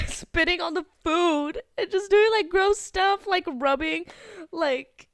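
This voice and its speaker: A woman's voice: very high voice, slow, dry recording, studio quality. A young woman co-hosting a casual podcast, chatty and full of "like", laughing as she retells stories. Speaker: podcast co-host.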